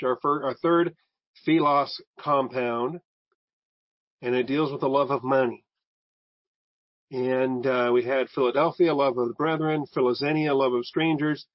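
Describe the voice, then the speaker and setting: A man's voice: medium pitch, dry recording, dull audio. A man teaching a Bible passage verse by verse in a conversational way, restarting phrases as he explains Greek terms.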